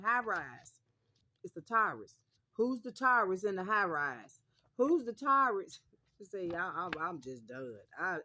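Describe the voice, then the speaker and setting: A woman speaks to her viewers in a casual vlog, her voice sitting at an ordinary middle pitch. She drives her points home through repetition and keeps addressing listeners as honey. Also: a bit bright. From Mississippi, US South. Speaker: vlogger.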